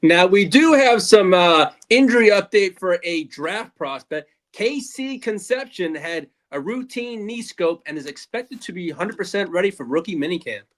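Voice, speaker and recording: A man's voice: high voice, lively intonation, normal speed, hardly any pauses. A man hosting a sports podcast, reading out news updates between jokes. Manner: reads updates in a louder, announcing way.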